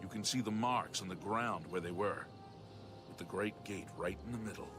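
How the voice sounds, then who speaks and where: A man's voice: on the low side, normal speed, music in the background, close to an everyday voice. An actor playing a weary male guard captain in a video game, speaking grimly and urgently. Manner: grim, urgent.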